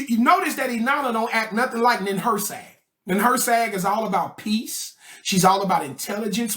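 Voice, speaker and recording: A man's voice: sits high, fairly bright tone. Guy breaking down an old text for his class, slangy and jokey, keeps asking "right?". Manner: slangy, joking, frequent "okay?" and "right?" checks. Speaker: study group teacher. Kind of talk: casual explanatory lecture.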